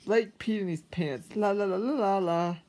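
A man's voice: sits high, normal speed, a little mellow, pitched above the performer's own voice, lightly acted. A man voicing his teasing older grandmother in a chanting singsong. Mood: mocking singsong.

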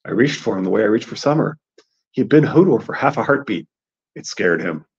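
A man's voice: on the low side, lively intonation, fairly quick, slightly rough. A man voicing a scared but proud young boy prince in a lightly raised boyish voice. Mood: anxious. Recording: dull lo-fi recording.

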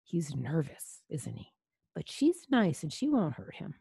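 Bedtime reader, woman, slow and lively, soft breathy tone, dry close sound. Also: sits low, no echo. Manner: gentle, explaining asides to a child. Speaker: storyteller. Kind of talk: reading a children's picture book aloud.

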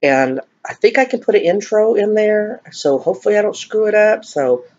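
A woman's voice: mid-range voice, lively intonation, moderate pace, darkish tone. A middle-aged woman chatting casually to viewers while eating, joking about herself. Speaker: mukbang vlogger. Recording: dull lo-fi home recording.

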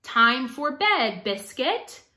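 A woman voicing a grown-up from a storybook who slowly and gently coaxes a puppy to bed. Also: high voice, very animated, echoey room, full character voice. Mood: coaxing.

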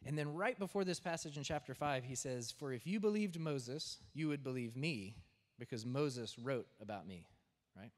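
A man's voice: mid-range voice, animated, moderate pace. A man preaching a sermon as pastor, talking in a conversational way and often checking in with "right?". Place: church sanctuary. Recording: long church reverb.

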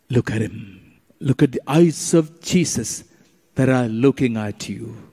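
Slow, emphatic preaching man in a reverberant hall. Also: medium pitch, vocal fry, mellow, breathy edge. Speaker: priest leading adoration. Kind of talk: sermon during Eucharistic adoration. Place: church or retreat chapel.

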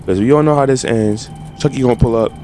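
A man's voice: medium pitch, quick pace, soft background music. A young man doing casual, trash-talking commentary while playing a game. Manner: animated, trash-talking, slangy. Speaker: gaming streamer.

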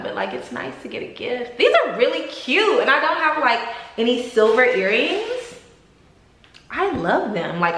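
A young woman vlogger unboxes gifts while chatting casually and gushingly to camera, saying "like" and "y'all" constantly. Her mid-range voice is a bit bright, and the room is echoey with faint noise.

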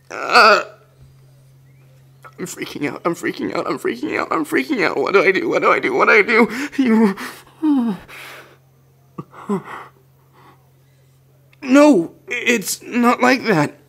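A man voicing a shy, anxious young man in a whispered role-play, speaking softly and hesitantly. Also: mid-range voice, takes it slowly, vocal fry, pauses often, breathy edge, heavily acted. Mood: flustered. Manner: soft, hesitant, flustered stammering. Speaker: ASMR roleplayer.

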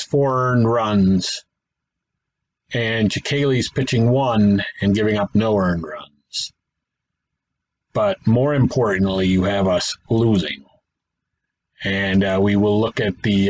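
A man's voice: on the low side, a little hiss or hum, poor audio. Man thinking aloud over a baseball sim. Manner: thinks aloud, self-correcting, wry asides. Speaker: gaming channel host. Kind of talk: casual play-by-play commentary of a tabletop baseball sim.

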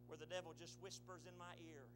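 A male pastor preaching a sermon, swelling into shouts and then dropping to a low, quiet delivery. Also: fairly even intonation, fairly quick, over loud music.

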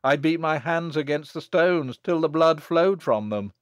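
A man's voice: on the high side, animated, measured pace, smooth, no room sound, studio quality, voice pushed up. A man reading as a wronged monk who speaks sternly and bitterly in an audiobook. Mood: anguished. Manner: stern, thundering.

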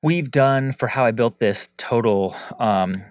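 A man guest on a podcast, talking reflectively and getting animated when he acts out examples. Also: mid-range voice, unhurried, no echo, studio quality. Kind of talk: conversational interview.

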